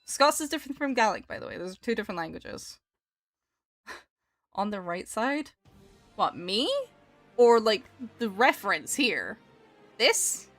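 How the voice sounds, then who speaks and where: A woman's voice: mid-range voice, fairly bright tone. A woman streaming while she draws, chatting casually, answering her chat and laughing often.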